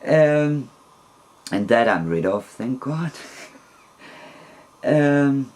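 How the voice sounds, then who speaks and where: A woman's voice: very deep voice, animated, extremely slow, a little mellow. A woman, telling a personal story to camera in a hesitant way, often restarting and searching for words. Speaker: vlogger.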